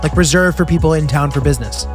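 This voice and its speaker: A man's voice: on the high side, quick pace, soft background music. A young man from the United States narrating his road trip in a casual, self-deprecating way, full of "like" and asides. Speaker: travel vlog narrator. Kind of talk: scripted travel narration.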